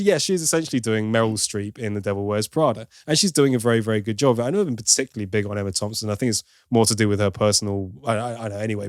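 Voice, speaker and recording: A man's voice: medium pitch, dry recording. Wry man reviewing films, dry sound. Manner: opinionated, wry, talks through asides. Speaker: film review podcast host. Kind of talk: casual film review chat.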